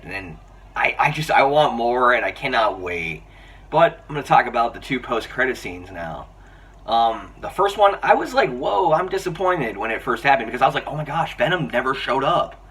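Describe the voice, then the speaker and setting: Young man, casual film review, excitable, rambling, bright voice, slightly distant mic. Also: mid-range voice, slight background noise. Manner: excitable, rambling with frequent restarts and fillers. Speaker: movie reviewer.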